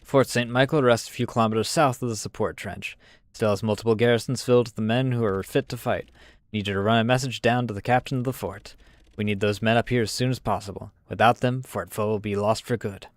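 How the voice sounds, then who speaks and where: A man reading an army officer's briefing to a young private in a put-on accent, low and dry. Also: steady tone, fast, dry recording, natural voice. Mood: grave.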